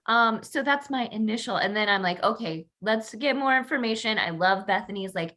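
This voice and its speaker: A woman with a bright, forceful tone and a fairly high voice. She chats on a podcast as a guest, joking and acting out reactions. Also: fairly quick, few pauses. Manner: jokey, expressive, acts out reactions. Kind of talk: casual podcast chat.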